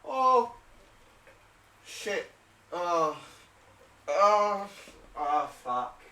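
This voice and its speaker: A man's voice: sits high, big pitch swings, extremely slow, sharp tone, voice pushed up, heavily acted. A man voicing a scruffy bearded male wizard who swears and gets flustered, recorded a little far off in an echoey room. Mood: panicked. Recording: roomy and distant.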